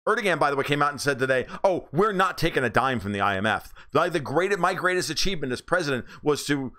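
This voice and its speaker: A man's voice: big pitch swings, quick pace, pushed and bright. A man from the United States hosting a political livestream, reading chat comments and answering them in a blunt, sarcastic and profane way. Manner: mocks others in high squeaky voices.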